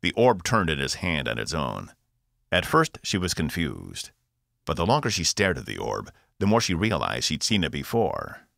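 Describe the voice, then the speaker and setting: A man, the author, narrating his own science fiction audiobook with expressive delivery. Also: very deep voice, moderate pace, gravelly, no room sound, studio quality. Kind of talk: scripted narration.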